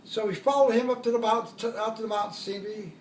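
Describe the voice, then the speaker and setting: A man's voice: high voice, fairly even intonation, fast, roomy sound, recorded from a distance, slight background noise. An older man, a war veteran, tells his stories in a rambling way, correcting himself as he goes and chuckling at his own jokes. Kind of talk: oral history storytelling.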